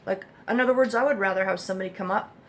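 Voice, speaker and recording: A woman's voice: medium pitch, very fast, a little hiss or hum. A woman speaking as the mother of an autistic child, giving blunt, emphatic advice to other parents in a rambling monologue with casual swearing, recorded in a room at home.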